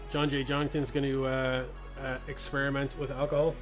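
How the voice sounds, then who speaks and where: A man's voice: mid-range voice, completely flat delivery, normal speed, faint music behind. A man streaming a sim race, chatting and joking with viewers while he drives. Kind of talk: casual live-stream chat while racing.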